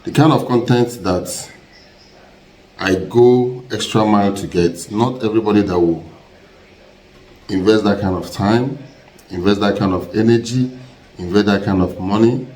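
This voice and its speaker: Man, lowish voice, insistent host pitch, echoey room. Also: unhurried, long pauses, dark tone, a little hiss or hum. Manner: insistent, repeats phrases for emphasis. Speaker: channel host. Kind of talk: casual sales pitch to viewers. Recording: roomy echo.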